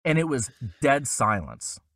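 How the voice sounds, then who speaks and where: A man's voice: unhurried, dry recording, studio quality. A young adult man, a voice actor guest, telling a casual story in an interview and acting out the voices of the people he quotes. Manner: animated, acts out quoted voices with big pitch jumps.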